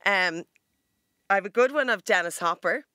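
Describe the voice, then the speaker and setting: An Irish woman, a TV presenter and guest, telling lively anecdotes in casual chat. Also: mid-range voice, normal speed, clean tone, no echo, clean studio sound.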